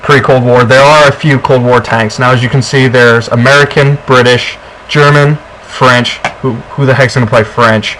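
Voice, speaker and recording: A man's voice: medium pitch, fairly even intonation, normal speed, hardly any pauses, a bit bright, slight background noise, rough recording. Chatty young man explaining a game. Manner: chatty, rambling with fillers. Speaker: co-host of a gameplay video. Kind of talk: casual gameplay walkthrough.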